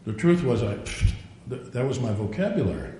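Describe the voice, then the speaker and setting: A man's voice: big pitch swings, a little fast, mellow. An older man preaching a sermon, a digressive storyteller who acts out the quotes he tells. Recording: very echoey room, faint rumble.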